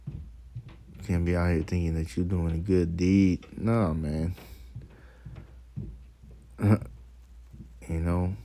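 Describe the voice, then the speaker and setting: A man's voice: low-pitched, flat delivery, takes it slowly, long pauses, dark tone, slight background noise. A man giving a profane, emphatic, casual preaching monologue on scripture and street life, quoting verses between stories. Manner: profane, emphatic, laughs at his own stories.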